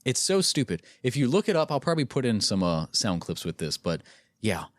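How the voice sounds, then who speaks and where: A man's voice: mid-range voice, sing-song, brisk, no echo. A man hosting a casual podcast with friends, ranting bluntly and with exasperation, swearing freely. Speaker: podcast host.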